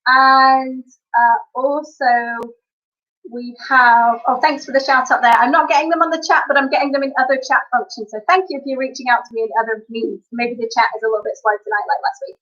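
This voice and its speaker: A woman chatting to her live-stream viewers. Her voice is high and bright, and she talks in an upbeat way with quick asides. The stream audio is dull and lo-fi. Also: steady tone. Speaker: live-stream singer and entertainer. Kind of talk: casual live-stream chat.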